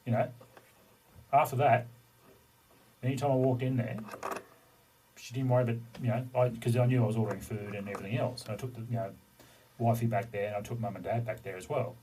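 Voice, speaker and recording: A man's voice: medium pitch, steady tone, fairly quick, long pauses, dark tone, far from the mic, a little hiss or hum, rough recording. A middle-aged man, a podcast co-host, telling a rambling story in casual chat and swearing loosely now and then.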